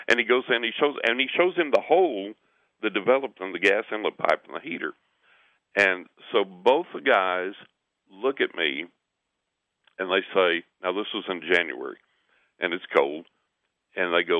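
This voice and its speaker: A man with a very low voice tells a story and acts out the quotes, doubling words and laughing between phrases. The sound is thin and tinny, like a caller on a phone line to a radio show. His voice is dry and close. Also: animated, normal speed, no echo. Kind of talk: animated personal storytelling.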